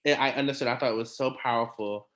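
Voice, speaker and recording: A male podcast host runs a relaxed recap show in a middle-pitched voice. His unscripted, casual talk is chatty and animated, full of quick asides and little laughs.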